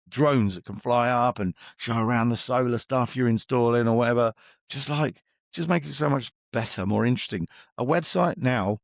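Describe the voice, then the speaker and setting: Gravelly blunt business coach. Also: male voice, mid-range voice, no echo. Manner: blunt, chatty, acts out exchanges with clients. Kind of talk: podcast interview guest.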